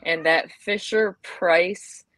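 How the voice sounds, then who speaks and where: A woman guest on a casual podcast tells stories at an unhurried pace. She is animated and quick to laugh. The sound is dry and close, with no room around her. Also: fairly low pitch, dry recording. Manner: animated storyteller, laughs often. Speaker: comics creator guest.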